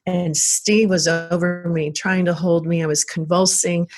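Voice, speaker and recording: A woman's voice: fairly low pitch, steady tone, measured pace, a little mellow, soft background music. A woman from South Texas, an interview guest, telling a personal story in an earnest, emotional and reflective way.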